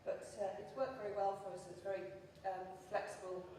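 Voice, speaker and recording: A woman's voice: medium pitch, flat delivery, a little fast, dark tone, a little hiss or hum. An Englishwoman giving a conference talk, chatty and self-deprecating, with frequent ums. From England. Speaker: conference speaker. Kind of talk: conference presentation. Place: large lecture hall. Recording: echoey hall recorded from far off.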